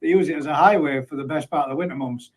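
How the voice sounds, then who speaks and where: A man's voice: on the high side, rapid-fire, breathy edge. A man hosting a casual live chat about ponds, talking freely and bantering with viewers. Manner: chatty, reads out viewer comments with banter. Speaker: host of live pond chat.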